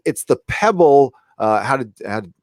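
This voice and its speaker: A man's voice: medium pitch, big pitch swings, normal speed, no echo, studio quality. A man hosting a casual live stream from home, talking bluntly and rallying his viewers. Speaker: livestream host. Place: home room.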